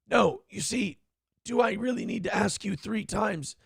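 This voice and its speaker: A man's voice: sits high, measured pace, gravelly, husky, no room sound, clean studio sound. A man hosting a morning show, riffing on the news in an irreverent, profane way. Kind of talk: comedic news talk.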